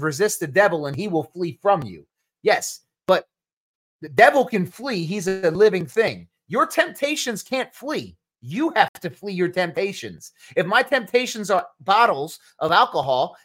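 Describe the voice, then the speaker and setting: A man's voice: high voice, a bit bright. A man from New Jersey hosting a podcast, preaching emphatically with sudden bursts of stress. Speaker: podcast host.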